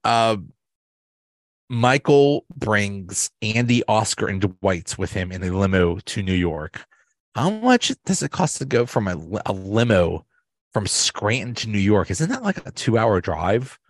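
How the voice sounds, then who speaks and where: A man's voice: fairly low pitch, big pitch swings, unhurried, no room sound. A man hosting a podcast, casually recapping and ranking sitcom episodes, rambling with many restarts and small chuckles. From Pittsburgh area, US. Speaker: podcast host.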